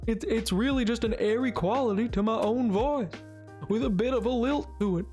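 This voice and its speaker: A man's voice: very high voice, moderate pace, darkish tone, faint music behind. A young man live-streaming a building game, rambling casually to his chat and joking at his own expense. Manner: rambling, self-mocking, talks to chat.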